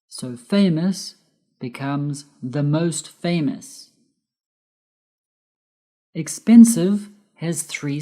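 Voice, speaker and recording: Slow, low-pitched woman teaching grammar. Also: warm tone. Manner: careful, spells out letters. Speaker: English teacher. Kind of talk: slow scripted grammar lesson.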